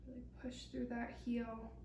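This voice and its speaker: A young woman leading a pilates workout, giving calm, encouraging step-by-step cues. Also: a little high, a little slow, noisy background. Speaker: pilates instructor. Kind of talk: guided workout instruction. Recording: echoey room, mic at a distance.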